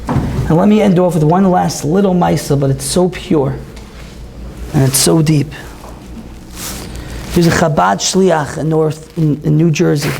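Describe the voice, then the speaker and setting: Impassioned high-voiced male preacher. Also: unhurried, creaky, long pauses, slight background noise. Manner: impassioned, building to near-shouts. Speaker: rabbi and teacher. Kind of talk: sermon. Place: event hall.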